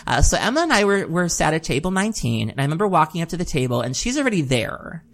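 Woman, very low voice, casual podcast chat, chatty storyteller, laughs often. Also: very animated, fast talker. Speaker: podcast co-host.

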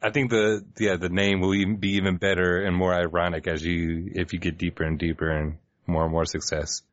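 A man's voice: low-pitched, flat delivery, fairly quick, dry recording. A man co-hosting a podcast, chatting in a playful, joking way. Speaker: podcast co-host. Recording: dry, dull lo-fi recording.

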